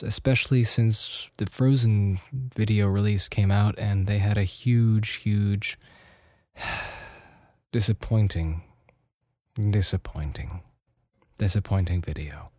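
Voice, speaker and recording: A man's voice: lowish voice, warm tone, no echo, clean studio sound. A young man hosting a podcast alone in casual chat, slightly nasal, rambling and self-deprecating with many restarts. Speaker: podcast host.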